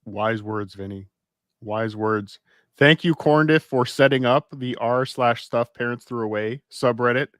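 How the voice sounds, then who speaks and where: Dry, deadpan male podcast co-host. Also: mid-range voice, unhurried, no echo. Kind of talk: casual chat, reading posts aloud.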